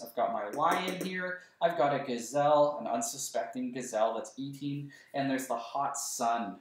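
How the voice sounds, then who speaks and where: A male kindergarten teacher leading a writing lesson for young children, slowly sounding out words letter by letter. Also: mid-range voice, expressive, a little hiss or hum. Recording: roomy echo, voice a bit far from the mic.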